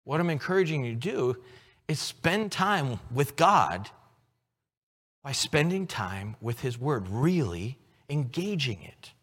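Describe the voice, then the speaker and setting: Male pastor, sermon delivery, animated pitch, long hall reverb. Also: breathy edge. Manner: earnest, teaching, slow emphatic scripture reading.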